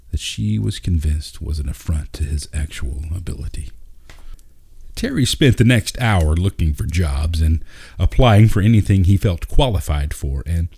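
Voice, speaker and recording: Brief: calm male narrator for a storybook, deep and mellow. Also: slightly rough. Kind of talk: storybook reading.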